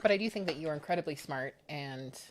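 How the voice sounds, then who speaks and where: A woman's voice: sits low, fast talker, a little hiss or hum. Playful teasing woman co-hosting. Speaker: livestream co-host. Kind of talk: casual livestream chat.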